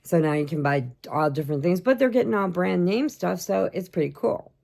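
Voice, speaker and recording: A woman's voice: fairly low pitch, animated, brisk, creaky, darkish tone. A woman hosting a crochet channel, chatting casually and rambling as she shows off mail she got, laughing often. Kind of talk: casual chat showing happy mail.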